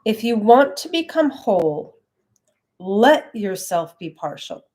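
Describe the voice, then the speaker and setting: A woman's voice: medium pitch, sing-song, takes it slowly, darkish tone. A woman leading an online class, talking in a reflective, conversational way with frequent fillers. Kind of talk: casual live-stream teaching.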